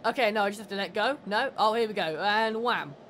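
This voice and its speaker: A woman's voice: mid-range voice, brisk, fairly bright tone, slight background noise. A woman commentating her horror game playthrough, sarcastic, swearing and laughing at the characters. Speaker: gamer. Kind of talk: let's play commentary.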